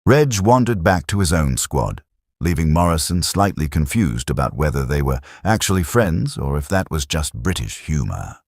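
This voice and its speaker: A man reads a war story in a steady, measured storyteller's voice. The voice is extremely deep and husky, with lively rises and falls in pitch. The recording is dry and close, with no room sound. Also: no echo. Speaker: narrator. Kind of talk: scripted story narration.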